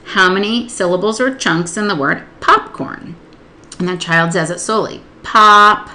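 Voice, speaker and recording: A woman's voice: lowish voice, sharp tone, a little hiss or hum. Patient woman demonstrating a literacy lesson. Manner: patient, explains step by step, slows to sound out words. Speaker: literacy tutor. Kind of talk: instructional demonstration.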